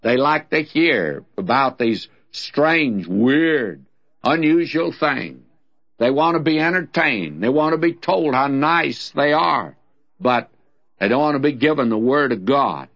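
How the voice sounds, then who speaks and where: A man's voice: medium pitch, expressive, takes it slowly, fairly bright tone. A man teaching the Bible on a radio program, talking in a folksy, plainspoken and conversational way. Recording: dull lo-fi radio recording.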